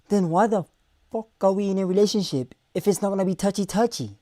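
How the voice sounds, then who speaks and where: Loud man reacting on stream. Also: sits high, a little fast, no room sound, clean studio sound. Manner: loud, animated, crude banter with put-on voices.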